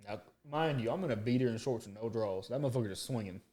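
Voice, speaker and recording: A man's voice: mid-range voice, very fast. A man co-hosting a podcast, telling a story in casual, profane chat and acting out the quoted lines. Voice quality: profane, animated storyteller who acts out quotes. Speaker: podcast co-host.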